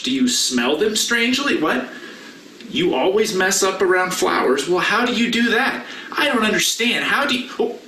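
A pastor giving a children's message, talking with playful, animated banter to a silent puppet. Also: male voice, sits high, slight background noise. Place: church sanctuary. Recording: roomy hall from a distance.

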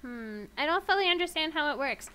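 A woman's voice: high voice, animated, a little fast, sharp tone. A woman streaming a horror game, giggling, talking to herself and to chat, and easily startled.

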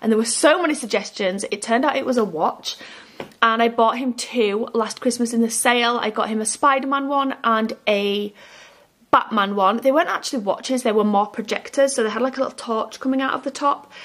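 Chatty British mum type, fairly high voice, easygoing rambling delivery. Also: female voice, a bit bright. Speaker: family vlogger. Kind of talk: casual gift haul chat.

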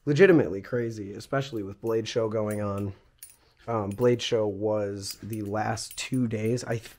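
A man with a somewhat low voice, still hoarse as he recovers from losing it. He hosts a casual vlog news roundup, rambling and chatty with lots of fillers. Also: darkish tone. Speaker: channel host.

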